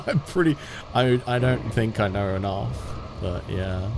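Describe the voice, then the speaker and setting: A man with a fairly low, animated voice and some vocal fry chats with his audience while streaming a game. A bit of hiss or hum is audible. He rambles in a laid-back way, restarting often and laughing quickly.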